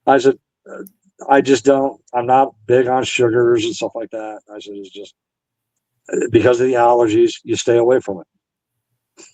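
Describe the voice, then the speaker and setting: A man's voice: medium pitch, level tone, moderate pace, long pauses, dark tone, dry recording, rough recording. Dry-voiced veteran man telling stories. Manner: retells conversations, quoting both sides. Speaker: Navy veteran guest. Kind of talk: storytelling interview.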